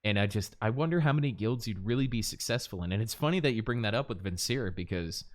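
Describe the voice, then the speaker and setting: A man's voice: on the low side, animated, fast. Guy hosting a podcast, chatty and teasing, voice jumps around a lot. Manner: chatty, laughs often, teasing. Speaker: podcast host. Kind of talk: casual chat.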